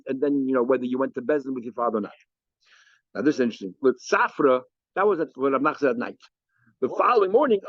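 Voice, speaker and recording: Rabbi guy giving a talmud class, talks quick, dry muffled sound. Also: mid-range voice, no room sound. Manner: lively, animated, explains and asks questions. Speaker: rabbi teaching daf yomi.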